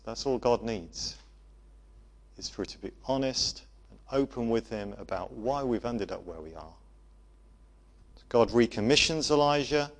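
A man preaching a sermon to a congregation, gentle in manner, often dropping to a soft voice for emphasis. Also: medium pitch. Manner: gentle, varies loudness for emphasis, drops to soft tones.

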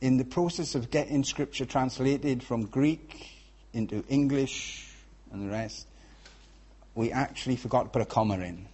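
Speaking with a Welsh accent, a man delivers a sermon conversationally, often checking in with the congregation with "yeah?" and "right?". His voice is medium in pitch, mellow, slightly rough, and at a normal pace.

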